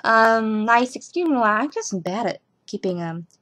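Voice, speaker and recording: A young woman casually reviewing a TV episode at home, rambling and giggling through animated asides. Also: a little high, unhurried.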